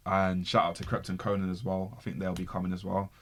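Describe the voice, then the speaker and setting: Deep-voiced guy on a podcast, chatty, slangy, keeps repeating himself. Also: quick pace. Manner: animated, slangy, repeats words for emphasis. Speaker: podcast guest. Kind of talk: casual storytelling.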